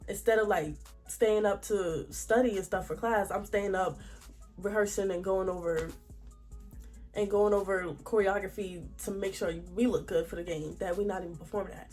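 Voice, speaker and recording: A young woman telling a storytime vlog in a chatty, slangy, expressive way. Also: mid-range voice. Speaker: vlogger.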